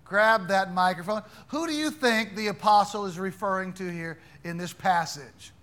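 A man's voice: high-pitched, moderate pace, pushed and bright. A man teaching an interactive Bible class, quizzing his students in a playful, teasing way.

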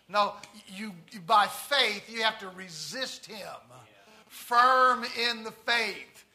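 Bright, tense-voiced male preacher. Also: very high voice, takes it slowly. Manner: emphatic, swings from hushed to loud; stretches out key phrases. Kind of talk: sermon with storytelling.

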